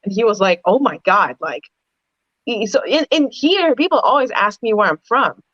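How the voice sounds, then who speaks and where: A woman's voice: a little high, big pitch swings, moderate pace, fairly bright tone, no echo, dull audio. A woman talking animatedly in a casual group discussion, telling stories with lots of rises in her voice. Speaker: podcast panelist.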